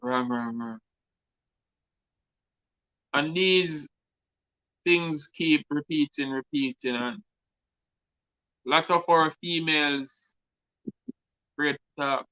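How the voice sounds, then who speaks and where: A man's voice: medium pitch, sharp tone, dry recording, highs cut off. A man with a Jamaican accent, a guest artist speaking earnestly on a talk show and repeating words for emphasis.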